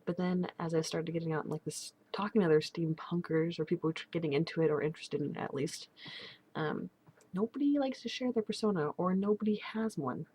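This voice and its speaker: A young woman talks in a loose, rambling way, stopping and restarting often with plenty of fillers. Her voice sits low for a woman. She is speaking casually into her camera at home. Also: brisk, darkish tone, a little hiss or hum. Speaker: steampunk vlogger.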